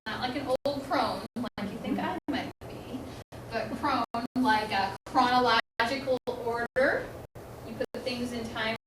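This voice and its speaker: A woman teacher runs a lesson for children, giving slow, clear cues and encouraging praise. Her fairly high voice is caught by a camera across the room. The classroom echo and steady noise are plainly heard around her. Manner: encouraging, directive, clear call-and-response cues. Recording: roomy classroom echo, distant mic, noisy.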